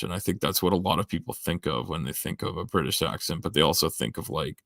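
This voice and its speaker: A man's voice: extremely low pitch, gravelly, a bit bright, dry recording, studio quality. A middle-aged man with a Southern Ontario accent, a livestreamer rambling as he thinks aloud and answers his chat. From Canada. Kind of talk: casual chat.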